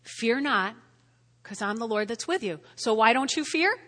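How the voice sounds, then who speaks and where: Woman pastor, high-pitched and bright, conversational sermon with frequent "all right?" check-ins, long reverb. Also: animated, normal speed. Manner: repeats key phrases for emphasis. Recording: long reverb of a large hall.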